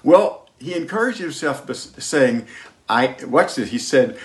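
A man preaching a sermon as pastor, emphatic, moving between loud declarations and hushed lines. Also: medium pitch, lively intonation, measured pace. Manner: sings hymn lines.

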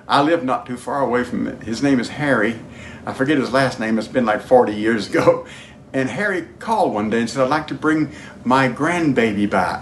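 A man preaching a sermon, telling stories in a lively way. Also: mid-range voice, a little hiss or hum. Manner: storytelling, animated, breaks into singing a hymn.

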